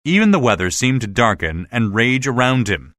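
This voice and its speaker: A man reading a classic story aloud as scripted narration, in a dramatic, expressive way. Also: mid-range voice, normal speed, no echo, clean studio sound. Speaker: audiobook reader. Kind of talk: scripted narration of a graded reader.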